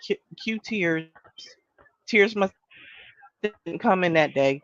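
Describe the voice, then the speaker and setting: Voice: mid-range voice, lively intonation, slow, fairly bright tone, no echo. A co-host in casual chat, sassy and skeptical, mocking what they watched with exaggerated imitations. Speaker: podcast co-host. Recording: dry, slightly dull sound.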